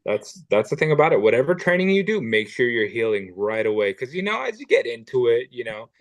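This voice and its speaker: A man talks easily in a casual chat, handing out practical advice. His voice is mid-pitched. The sound is dry, with no room echo. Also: sing-song, a little fast. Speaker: armwrestler guest.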